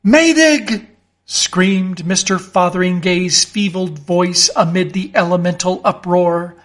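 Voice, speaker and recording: A man voicing a frightened, timid male clerk who shouts in panic against a storm. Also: high voice, completely flat delivery, a little slow. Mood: panicked.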